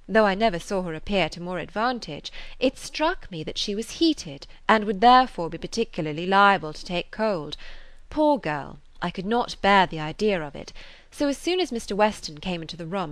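Woman doing a kindly middle-aged lady, measured, gently persuasive, lively pitch, close dry sound. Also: no echo. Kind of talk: audiobook character reading.

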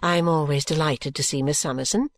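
Woman reader playing a placid, dismissive middle-aged mother, calm low tone, dry. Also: fairly quick, no echo. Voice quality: calm, serene, lower voice.

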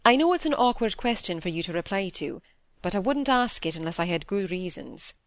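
Brief: woman reader doing a kindly fatherly doctor, low-ish, reassuring, dry close recording. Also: big pitch swings, brisk, no echo. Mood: earnest. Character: kindly worried middle-aged male country doctor, a father. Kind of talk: audiobook character reading.

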